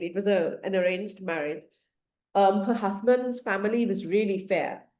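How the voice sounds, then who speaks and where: Woman co-host from Sri Lanka, earnest and reflective, mid pitch, roomy echo. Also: a little mellow. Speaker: podcast co-host. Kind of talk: casual conversation.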